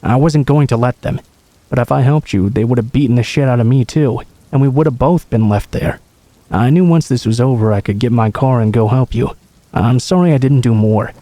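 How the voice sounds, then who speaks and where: An earnest young country guy who is steady and protective, speaking in a reassuring way with a mellow, low-key tone. It's a man putting him on in a plain storybook reading. The sound is close and dry. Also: brisk, dry recording, natural voice.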